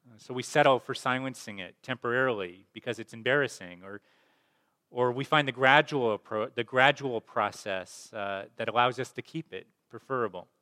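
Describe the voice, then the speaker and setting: A male pastor preaching a sermon in a relaxed, conversational way, with fillers and restarts. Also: medium pitch, moderate pace, long reverb tail. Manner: conversational, with fillers and repeated words.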